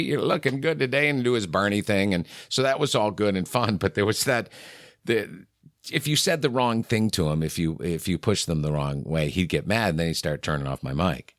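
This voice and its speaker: Low-voiced man telling radio stories. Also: no echo, studio quality. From New England. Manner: animated anecdotes, acting out quoted exchanges. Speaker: radio morning show host, podcast guest. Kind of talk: candid storytelling in a conversation.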